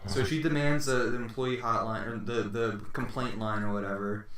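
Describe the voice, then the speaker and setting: A man's voice: medium pitch, steady tone, normal speed, crowd noise. A young man telling a long story on a podcast, rambling and swearing as he acts out what people said. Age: teens. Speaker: podcast host. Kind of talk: casual storytelling chat. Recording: echoey room, distant mic.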